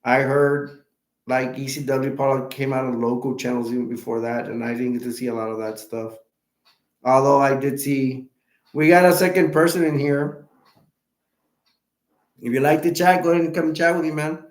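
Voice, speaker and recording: A man hosting a live stream, chatting in a halting, rambling way with many restarts and self-corrections, with hiccups. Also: mid-range voice, little pitch movement, echoey room.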